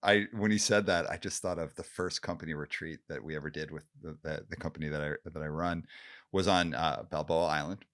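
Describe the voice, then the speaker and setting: Deep-voiced male podcast host. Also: a little fast, dry recording. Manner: relaxed, laughs along, uses slang like "dude". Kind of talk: casual conversation.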